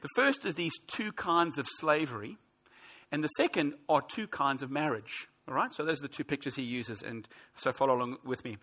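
A man's voice: on the high side, animated, fairly quick, bright, forceful tone. A man in his forties preaching a sermon, earnest and emphatic, with rhetorical questions. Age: 40s. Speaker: pastor.

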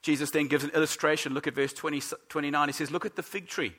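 Man, pastor, sermon, bright forceful tone, slightly high voice, earnest, emphatic. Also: fairly even intonation. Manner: earnest, emphatic, slows down to stress scripture.

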